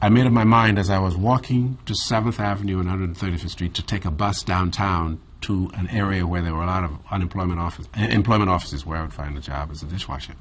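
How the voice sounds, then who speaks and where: Caribbean man, interview guest, slightly low husky voice, measured reflective storytelling. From Bahamas.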